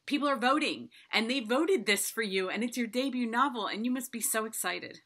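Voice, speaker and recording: A woman hosting an interview with an author, talking in a gushing, excitable way with quick asides. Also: on the high side. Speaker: podcast host interviewing an author. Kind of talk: enthusiastic interview chat.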